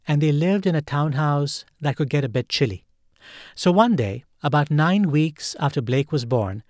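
Calm man hosting a story podcast. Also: a little high, no echo, clean studio sound. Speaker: podcast host. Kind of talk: scripted narration.

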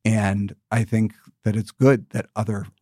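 American man, thirties, low voice, dry close mic, measured interview answers with restarts. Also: level tone, dark tone, dry recording. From United States. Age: 30s. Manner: measured, thoughtful, with many restarts. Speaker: political candidate, former ambassador.

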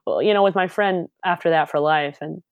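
A young woman from Alabama tells a personal story on an interview show with real animation, slipping into the voices of the people in it. Her voice sits on the low side for a woman, and the recording is close and dry. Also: fairly quick, no echo, narrow, tinny audio. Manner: lively, acts out dialogue in her stories. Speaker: comedian guest.

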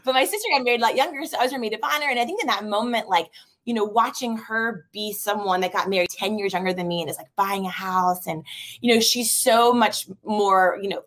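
Lively storytelling woman in her thirties. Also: medium pitch. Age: 30s. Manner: lively storyteller, quick asides and laughs. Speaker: guest. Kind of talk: casual interview chat.

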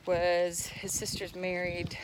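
A woman co-hosting a casual talk, telling a story with lively, laughing delivery while out on a walk. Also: lowish voice, takes it slowly, crowd noise. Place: outdoors on a walk.

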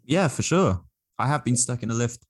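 A man's voice: medium pitch, animated, moderate pace, breathy edge, no room sound. A young man co-hosting a comedy podcast, talking in a dry, tongue-in-cheek way with hesitant fillers. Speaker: podcast co-host. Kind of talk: casual comedic podcast chat.

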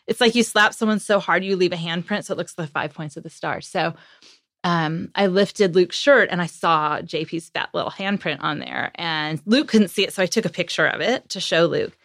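This parenting author, a guest on a podcast, has a fairly low voice and a moderate pace, captured in a dry, studio-quality recording. She chats casually and tells stories with energy, performing the lines she and her kids said, and laughs and uses fillers as she goes.

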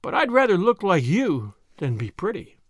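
A man's voice: high voice, wildly swooping pitch, normal speed, no room sound, studio quality, heavily acted. A man reading aloud as an eager, admiring young servant girl who hurries to agree in an audiobook.

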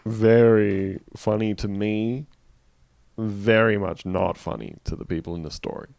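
A man's voice: lowish voice, fairly even intonation, unhurried, vocal fry, darkish tone, no echo. A man co-hosting a casual comedy podcast, reading out news stories with jokey asides. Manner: reads news aloud with jokey asides and laughs.

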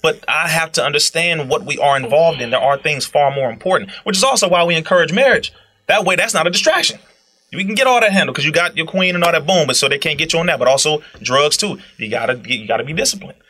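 Animated fast-talking young man. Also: breathy edge. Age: young adult. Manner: animated, preachy, repeats "bro", jumps into high-pitched exclamations. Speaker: guest speaker. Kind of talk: casual podcast conversation.

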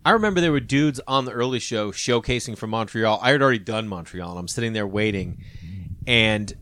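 A man's voice: lowish voice, a little fast, a bit bright. A man in his thirties or forties, a comedian hosting a podcast, chatting casually and rambling as he acts out the people he quotes. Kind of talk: casual conversation.

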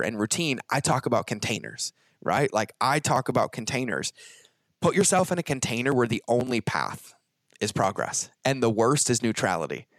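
Animated, emphatic male podcast host. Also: medium pitch, dry recording. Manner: animated, emphatic, swears freely. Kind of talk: casual conversation.

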